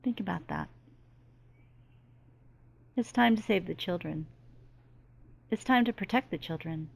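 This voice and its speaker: This middle-aged spiritual medium has a fairly low, creaky, slightly mellow voice and speaks at a moderate pace. Channeling earnestly and emphatically, she returns to the same points again and again.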